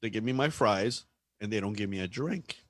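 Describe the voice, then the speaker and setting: Profane, animated man ranting. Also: lowish voice, fairly quick, dry recording, studio quality. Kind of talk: casual chat.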